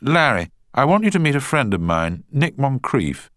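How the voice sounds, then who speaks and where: A man's voice: medium pitch, big pitch swings, normal speed, fairly bright tone, no echo, studio quality, pitched above the performer's own voice. A man voicing a friendly, sociable man making introductions at a party.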